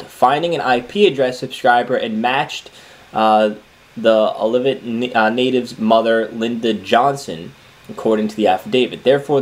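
A man reading news articles aloud and breaking off into opinionated, scornful commentary, with many fillers and restarts. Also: medium pitch. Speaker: political commentator.

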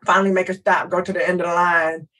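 Animated woman telling a story. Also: on the low side, fast talker, distant mic, low-quality recording. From Texas. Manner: animated, acts out voices in her story. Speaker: guest. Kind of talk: casual storytelling.

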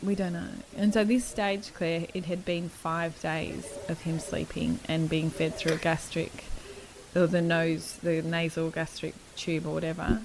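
A woman's voice: sits low, level tone, measured pace, a little hiss or hum, rough recording. A young woman telling a personal story in a candid, casual chat, speaking frankly, swearing freely and laughing between lines.

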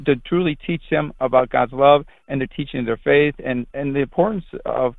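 A man's voice: medium pitch, normal speed, creaky, no room sound. A middle-aged man who is a priest, giving earnest, rambling interview answers with frequent restarts. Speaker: Catholic priest. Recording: tinny phone line, dry.

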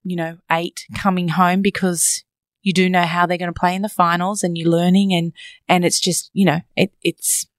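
A woman's voice: on the low side, flat delivery, moderate pace, no room sound, clean studio sound. An Australian woman co-hosting a casual sports chat, upbeat and agreeable. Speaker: podcast co-host.

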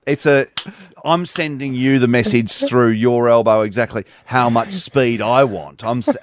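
A man co-hosting a comedy podcast, explaining things in a deadpan, matter-of-fact way. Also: mid-range voice, unhurried. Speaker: podcast co-host. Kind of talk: comedic banter.

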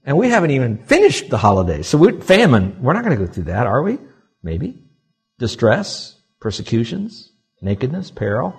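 Husky-voiced man preaching a sermon. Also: medium pitch, moderate pace, soft background music. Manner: animated preaching, swinging from soft asides to loud emphatic peaks. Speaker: pastor. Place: church before a congregation.

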